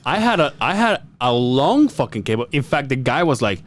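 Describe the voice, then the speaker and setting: A man's voice: mid-range voice, very animated, normal speed, no echo. A man co-hosting a podcast, telling a story in a loose, profane, laughing way. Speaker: podcast co-host. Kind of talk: casual storytelling chat.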